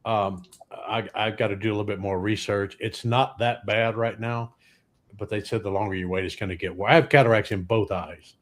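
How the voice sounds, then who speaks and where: A man's voice: lowish voice, fairly even intonation, fairly quick. A man, a guest comedian telling rambling anecdotes with dry punchlines. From Louisiana, US. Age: 60s. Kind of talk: comic storytelling on a podcast.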